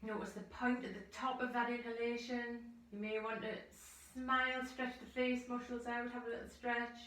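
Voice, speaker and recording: A woman yoga teacher from the United Kingdom, guiding a class through slow, soothing breathing cues and audible sighing breaths. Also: on the high side, level tone, a bit bright. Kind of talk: guided yoga instruction. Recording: echoey room, voice from far off the mic.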